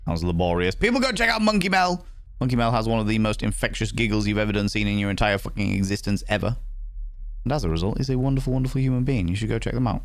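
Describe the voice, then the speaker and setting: A man's voice: on the low side, rapid-fire, dry recording. A man giving chatty, playful let's-play commentary, greeting viewers and swearing freely. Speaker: streamer.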